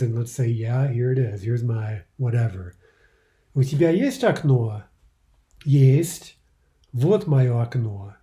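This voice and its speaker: A man teaching a recorded language lesson, explaining in English and reading out example phrases slowly. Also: mid-range voice, warm tone.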